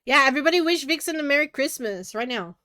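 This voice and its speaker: A woman's voice: high voice, lively intonation, fast, pushed and bright, no echo, clean studio sound. A giggly, hyper Australian woman rambling in casual live-stream chat as a streamer.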